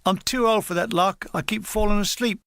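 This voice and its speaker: A man's voice: sits high, fairly even intonation, fairly quick, fairly bright tone, no echo, clean studio sound. A man reading the lines of a tired older army gunner in a matter-of-fact, weary way.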